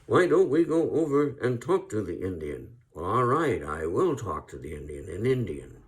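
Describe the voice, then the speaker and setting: A man impersonating a laconic cowboy with a slow drawl. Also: on the low side, big pitch swings.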